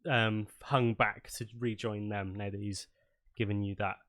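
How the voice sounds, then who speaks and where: A man's voice: lowish voice, level tone, unhurried, a bit bright. A man narrating as game master, rambling with lots of fillers and restarts.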